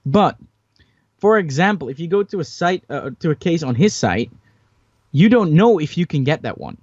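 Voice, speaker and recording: A man's voice: a little high, big pitch swings, moderate pace, a little mellow, no echo. Young male podcast host, hesitant and opinionated, muffled dry home mic. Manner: hesitant, many fillers and restarts, opinionated. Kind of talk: casual podcast chat.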